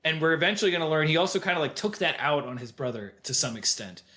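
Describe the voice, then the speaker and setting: A man talks through a film on a podcast, his voice sitting a little high. He retells scenes with animation, dropping into quick quoted voices of the characters. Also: expressive, bright, forceful tone. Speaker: podcast co-host. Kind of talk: casual film discussion.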